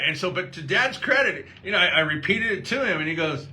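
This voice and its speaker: A middle-aged man from Texas hosting a show, telling stories in a casual, animated way and acting out quoted voices. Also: sits high, brisk. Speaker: host. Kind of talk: casual storytelling chat.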